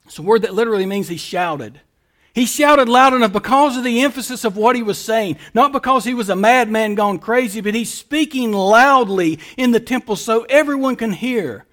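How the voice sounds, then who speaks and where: High-voiced man preaching with emphasis. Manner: emphatic preaching, swinging from quiet to loud. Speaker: pastor. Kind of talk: sermon.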